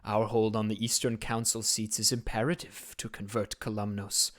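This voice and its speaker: A man's voice: on the low side, level tone, close to an everyday voice. A man voicing a distorted cult priest in flames. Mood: commanding. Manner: slow, grave pronouncements.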